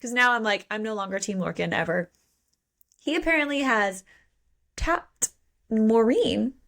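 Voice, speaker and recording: A woman's voice: on the high side, animated, unhurried, vocal fry, fairly bright tone. A woman co-hosting a podcast, recapping a book in casual chat with playful swearing and mock quotes. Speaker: podcast co-host.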